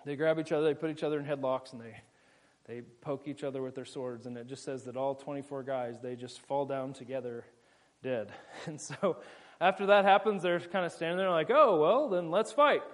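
A man preaching in a casual, jokey way, retelling a scripture story with quick voiced asides. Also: mid-range voice.

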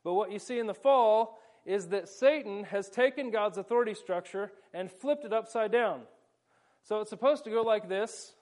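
High-voiced man preaching an animated sermon. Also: moderate pace. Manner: animated, explanatory, playful asides. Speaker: pastor. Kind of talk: sermon with volunteers acting out a scene.

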